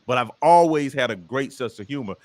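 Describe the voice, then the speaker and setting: A man's voice: medium pitch, brisk, dry recording. A man with a Southern American accent, a comedian telling jokey stories as a guest in a casual interview chat. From Southern United States. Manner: animated storyteller, jokey.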